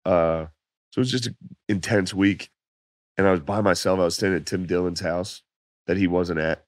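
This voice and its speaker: A man telling laid-back, profane stories as a comedian guest on a podcast, his voice going hoarse. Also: low-pitched, fairly even intonation, moderate pace, no room sound, clean studio sound. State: losing his voice. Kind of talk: casual podcast chat.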